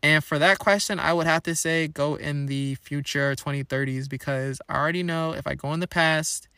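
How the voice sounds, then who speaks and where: A young man rambles through questions on his own podcast, playful and full of slang. His voice sits a touch higher than most men's. The sound is close and dry, with no room echo. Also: steady tone, normal speed, pushed and bright, clean tone. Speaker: podcast host. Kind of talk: casual solo podcast chat.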